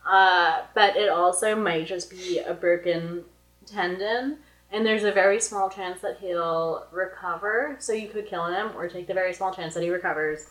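Woman, podcast co-host, lively film chat, echoey room. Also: fairly low pitch, normal speed. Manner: enthusiastic, acts out quotes. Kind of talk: casual film review chat.

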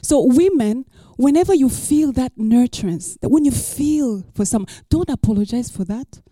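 A woman's voice: sits high, lively intonation, moderate pace, mellow, dry recording, studio quality. A woman pastor preaching a sermon, emphatic and repeating her key lines for the listeners.

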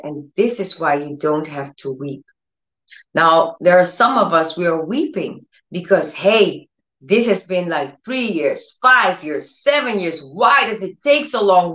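A woman's voice: mid-range voice, fairly bright tone. A woman teaching on faith and healing with passion, acting out the voices of doubters and repeating phrases for emphasis. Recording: roomy, slightly dull audio.

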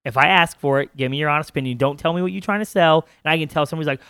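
Brief: male podcast co-host, raised pitch, dry close sound, swearing, animated storyteller. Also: rapid-fire, few pauses, smooth, dry recording. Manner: profane, animated storytelling with acted-out quotes. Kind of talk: casual comedic chat.

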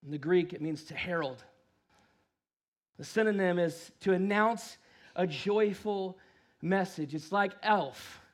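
High-voiced preacher swinging hushed to loud. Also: male voice, slow pace, long pauses. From United States. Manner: acts out voices in his stories. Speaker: pastor. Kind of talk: sermon.

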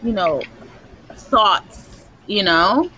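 A woman's voice: mid-range voice, lively intonation, extremely slow, pushed and bright, slight background noise, rough recording. A woman hosting a casual group chat among parents, telling stories and laughing often. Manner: laughs often, chatty storytelling. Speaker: parent support group host.

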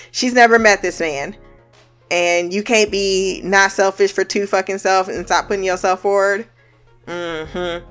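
A woman's voice: medium pitch, a bit bright, smooth. A woman giving a casual recap of a TV episode, blunt and profane with a joking edge.

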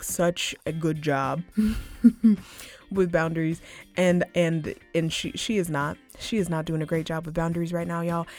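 Chatty low-voiced woman podcast host. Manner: chatty, informal, swears, says "like" and "y'all" often. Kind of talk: casual solo podcast chat.

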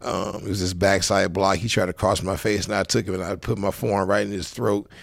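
The guest, a football coach from South Central LA who coaches high school, talks fairly quickly in a low, creaky voice that barely moves in pitch. His casual interview stories wander, loaded with fillers and street slang, captured in a dry, studio-quality recording.

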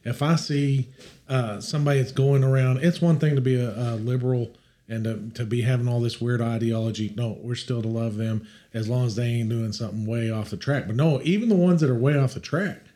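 A man co-hosting a casual chat show, talking in an animated, emphatic way and often restarting his sentences. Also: mid-range voice, fairly quick. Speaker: podcast co-host.

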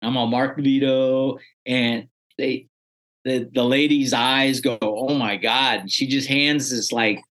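A man's voice: medium pitch, steady tone, a little slow, a bit bright. A man being interviewed, chatting casually as he tells a story in a slangy, easygoing way. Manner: chatty, slangy, acts out quoted dialogue. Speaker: interview guest.

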